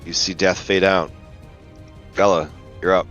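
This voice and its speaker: A low-pitched man runs a tabletop game over voice chat, rambling and casual with plenty of fillers. The recording sounds muffled and lo-fi, with faint music playing underneath. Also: fairly even intonation, a little slow, fairly bright tone. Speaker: game master.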